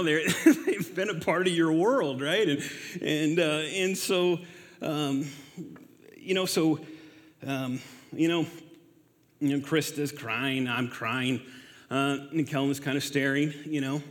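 A man in his forties giving a personal testimony in church, halting with many fillers and laughing at himself. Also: fairly high pitch. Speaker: guest speaker. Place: church hall. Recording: reverberant hall.

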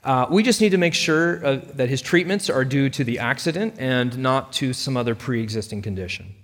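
A man's voice: mid-range voice, moderate pace, in a large hall, natural voice. Man playing a cold, dismissive insurance agent. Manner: curt, bureaucratic, dismissive.

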